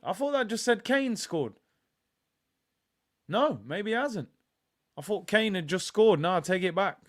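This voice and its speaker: A young man hosts a live football watch-along, talking casually to his viewers. His voice sits a little high for a man. He swings from relaxed chat into loud, excitable reactions. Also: normal speed, long pauses.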